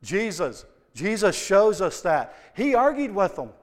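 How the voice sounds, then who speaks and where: A man's voice: high-pitched, very animated, a little slow. A man preaching a sermon, shifting between impassioned emphasis and casual, conversational storytelling. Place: church sanctuary. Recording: long church hall reverb.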